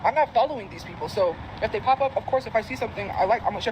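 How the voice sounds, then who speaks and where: A woman rambles to her followers, repeating herself and trailing off mid-thought. She records outdoors by a road, and loud traffic noise runs under her voice. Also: a little high, animated, racing. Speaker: social media personality. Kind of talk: rambling vlog talk.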